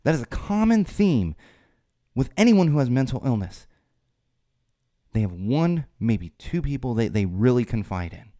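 A man's voice: mid-range voice, very animated, a little slow, warm tone, no room sound, studio quality. A man hosting a solo podcast, talking in a rambling way with restarts and fillers, and getting more emphatic when he stresses a point. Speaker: podcast host.

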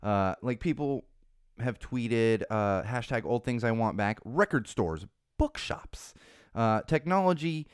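A chatty male host talking loosely and animatedly, his delivery full of fillers and easy chuckles. His voice is smooth and clean, sitting in the middle of the male range. The recording is close and dry, with no room sound. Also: mid-range voice, animated, unhurried, no room sound. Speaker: podcast host. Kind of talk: casual chat about trending topics.

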